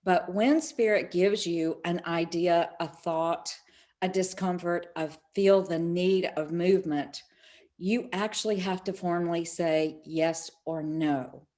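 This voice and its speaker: A middle-aged woman speaks slowly in a low voice, telling stories as a spiritual speaker in an online summit interview. She stays animated throughout, voicing the quoted dialogue.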